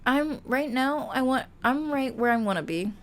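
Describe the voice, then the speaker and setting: A woman streamer reading a romance game aloud, animated and playful, often breaking off to joke with her viewers. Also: sits high, normal speed. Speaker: VTuber streamer.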